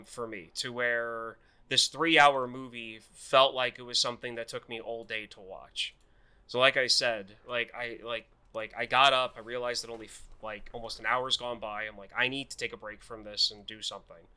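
Bright, rambling male podcast co-host. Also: medium pitch, smooth. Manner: rambling, many fillers and restarts. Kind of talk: casual movie review chat.

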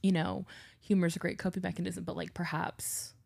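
Low-voiced young woman telling stories. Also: brisk, creaky. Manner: animated storyteller, acts out quoted voices, swears freely. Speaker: podcast co-host. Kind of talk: casual chat.

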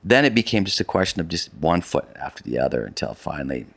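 A middle-aged man telling a long story in a casual conversation, animated and rambling with many restarts. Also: extremely low pitch, fast talker, creaky, slightly rough, no room sound. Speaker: guest, polar expedition adventurer.

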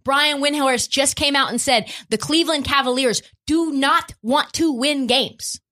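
A woman's voice: high-pitched, unhurried, pushed and bright. A woman hosting a sports podcast, giving opinionated commentary in an emphatic, swearing, ranting way.

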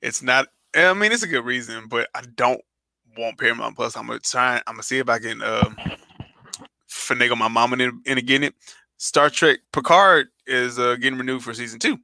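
A man's voice: medium pitch, brisk, gravelly, bright, forceful tone, no room sound. A man co-hosting a podcast, telling stories in a boisterous, profane, casual way. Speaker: podcast co-host.

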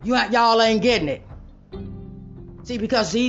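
A woman hosting her own show, talking straight to viewers in a blunt, profane, preachy monologue that rises into loud rants. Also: medium pitch, normal speed, pauses often, lo-fi sound, faint music behind. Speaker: online show host.

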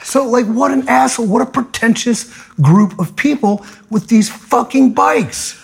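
A man telling a profane, angry comedic story, swearing and bursting into loud outbursts. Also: very high-pitched, lively intonation, measured pace, gravelly, slightly rough. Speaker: podcast guest telling a story.

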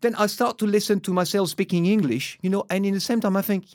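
French-accented host, higher voice. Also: male voice, fairly even intonation, fast, darkish tone, no echo, clean studio sound. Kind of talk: casual chat.

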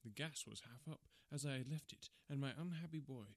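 A man's voice: mid-range voice, dry recording. Man narrating a classic story, dry sound. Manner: measured, formal storytelling. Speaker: audiobook narrator.

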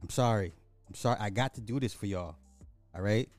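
A man who is sick hosts a live radio show in a loose, rambling way, repeating lines and swearing as he gets excited. His voice is mellow and dark, recorded dry and close, with faint music underneath. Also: fairly low pitch, a little fast, no echo.

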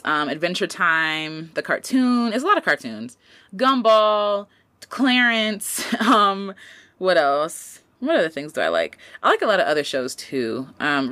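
Woman, late 20s, podcast host; casual slangy advice, lower voice but bright, dry recording. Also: no room sound. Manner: animated, slangy, pitch jumps up for emphasis.

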